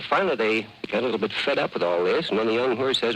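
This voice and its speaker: A man's voice: medium pitch, lively intonation, quick pace, few pauses, background noise. A man telling a long bawdy joke in a drawling, hesitant, conspiratorial manner. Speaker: comic storyteller.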